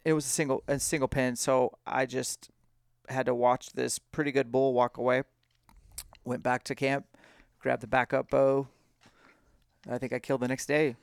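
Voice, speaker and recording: Gravelly, smooth-voiced man swapping hunting tales. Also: medium pitch, little pitch movement, moderate pace, long pauses, no room sound, studio quality. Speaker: elk hunting co-host. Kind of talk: casual live chat.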